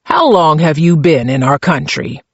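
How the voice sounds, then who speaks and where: A man voicing a calm, pleasant senior female police investigator who speaks in a measured, quietly pointed way. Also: on the high side, husky, dry recording, highs cut off, exaggerated voice.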